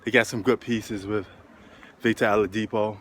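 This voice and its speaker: A slightly low-voiced man rambles about basketball as he walks up a hill outdoors, short of breath and filling pauses with ums. Faint traffic and street air sit behind him. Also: level tone, a bit bright. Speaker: sports vlogger. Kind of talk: casual walking vlog. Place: outdoors on a street, walking uphill.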